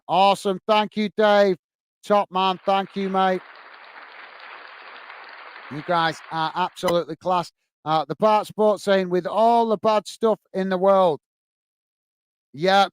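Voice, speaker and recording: Chatty English host reading fan messages, fairly high, clean voice. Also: male voice, clear, resonant tone, no room sound. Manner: chatty, apologetic, says mate often. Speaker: host reading live chat. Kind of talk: casual live-stream chat.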